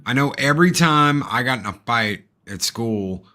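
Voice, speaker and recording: A man hosting a casual movie discussion, animated and acting out scenes in put-on voices. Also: medium pitch, normal speed. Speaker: podcast host.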